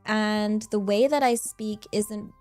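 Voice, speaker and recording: A woman's voice: medium pitch, steady tone, slow, a little mellow, faint music behind. A woman from England with a rural English accent, chatting casually on a stream, giggly and rambling. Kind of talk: casual chat.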